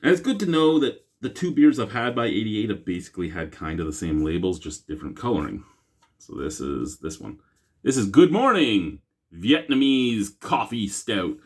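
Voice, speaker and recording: Picked up by a camera mic instead of a lapel mic, a man with a deep, a little mellow voice talks fast and animatedly. He's hosting a casual beer review vlog, chatting, rambling and making jokes at his own expense.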